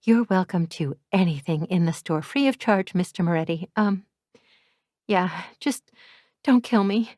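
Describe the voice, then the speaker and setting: A woman's voice: lowish voice, darkish tone, no room sound, clean studio sound. A woman narrating a romance audiobook in the first person, candid and wryly self-deprecating.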